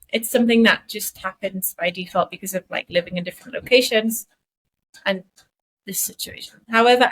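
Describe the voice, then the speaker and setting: A woman co-hosting a casual podcast, asking questions and reflecting thoughtfully. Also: mid-range voice. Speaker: podcast co-host.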